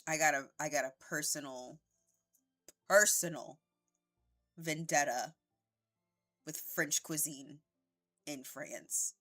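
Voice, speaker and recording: A woman's voice: low-pitched, takes it slowly, long pauses, sharp tone, soft background music. A young woman at home giving casual, rambling gameplay commentary on a headset mic, swearing freely. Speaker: streamer.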